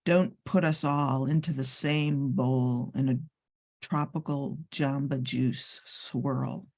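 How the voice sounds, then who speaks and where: A woman in a poetry workshop, reading poems aloud in a steady, deliberate way. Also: very deep voice. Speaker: workshop participant.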